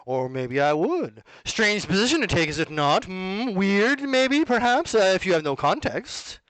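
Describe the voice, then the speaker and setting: A man voicing a slick male TV ad salesman, with a theatrical, booming sales pitch. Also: very animated, measured pace, fairly bright tone, no room sound, heavily acted. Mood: salesy.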